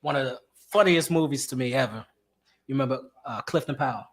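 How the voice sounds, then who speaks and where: A man telling animated stories in a casual chat about acting. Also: mid-range voice, quick pace. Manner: animated storyteller acting out quotes. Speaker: actor guest.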